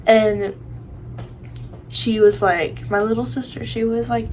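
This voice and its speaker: A woman's voice: on the high side, little pitch movement, slow, a little mellow, low-quality recording. Teen girl ranting about her friends, rambly, tons of likes, bit of background hiss. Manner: rambling, full of likes and restarts. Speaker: vlogger. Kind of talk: casual rant to camera.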